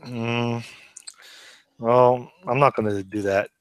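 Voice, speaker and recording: A man's voice: medium pitch, fairly even intonation, slow pace, no room sound. A man chatting casually while programming, thinking aloud and asking questions as he works. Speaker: programmer sharing his screen. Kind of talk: casual pair-programming chat.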